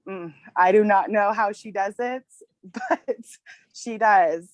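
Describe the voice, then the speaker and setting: A woman in her thirties, a mother telling a personal story in a halting, tearful way and apologizing as she goes. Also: mid-range voice, dry recording. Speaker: guest sharing a testimonial.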